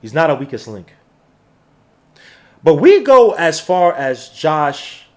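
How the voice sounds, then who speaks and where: A man hosts a live basketball watch-along, talking fast and slangy like an excited fan. His voice sits high and swings up and down a lot. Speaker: podcast host.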